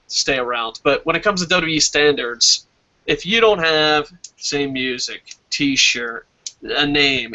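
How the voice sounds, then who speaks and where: Bright-voiced man ranting over lo-fi audio. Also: fairly high pitch. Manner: casual, swearing, reads viewer comments, laughs at own jokes. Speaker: wrestling show host. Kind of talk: live-streamed wrestling review with chat.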